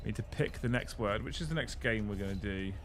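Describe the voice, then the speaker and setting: A young British man hosting a live stream, excitable and swearing casually as he runs giveaways. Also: lowish voice, quick pace. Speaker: livestream host.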